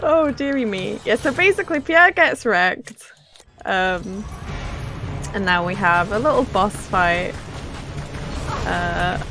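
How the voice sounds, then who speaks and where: A woman casually commentating her own speedrun, explaining the tricks in a relaxed way with frequent ums. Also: medium pitch, vocal fry.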